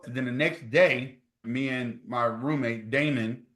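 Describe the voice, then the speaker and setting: Middle-aged guy from new jersey telling stories in an interview, acts out the quotes, average pitch, echoey room. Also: a little slow. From New Jersey, USA. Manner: animated storyteller who acts out quoted dialogue. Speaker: interview guest, former college football player. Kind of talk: storytelling in an interview. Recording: roomy echo.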